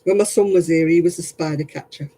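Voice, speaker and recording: A man's voice: fairly high pitch, normal speed, warm tone, no echo, low-quality recording. A tired man, chatting casually with livestream viewers as he crafts, rambling and often laughing. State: tired, yawning.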